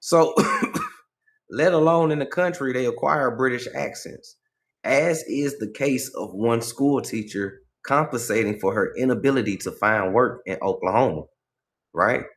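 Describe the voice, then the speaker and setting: A man holds forth on a casual livestream in a middle-pitched voice. He talks in an animated, profane way and keeps checking in with his listeners by asking "right?" as he goes. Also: a little slow. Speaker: livestream host.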